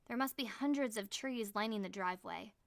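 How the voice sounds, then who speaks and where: A woman narrating an audiobook in the first person, reading in an expressive, measured way. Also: mid-range voice, vocal fry, no room sound.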